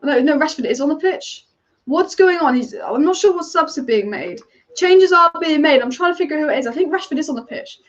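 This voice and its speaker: She sounds high-pitched and animated on a lo-fi recording. Hosting a live watch-along for her football fan channel, she talks rapidly and opinionatedly about the match while reading viewer comments.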